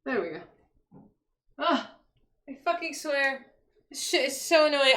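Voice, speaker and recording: Exasperated bright-voiced woman streamer. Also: sits high, animated, unhurried, pauses often, slight background noise. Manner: exasperated ranting, swears, frequent likes and restarts. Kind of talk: casual livestream chat. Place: home.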